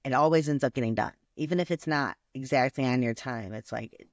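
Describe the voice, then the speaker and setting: A man co-hosting a podcast, speaking calmly and reflectively. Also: mid-range voice, a little fast, no room sound, studio quality. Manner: calm, reflective, affirming. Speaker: podcast co-host. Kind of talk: casual chat.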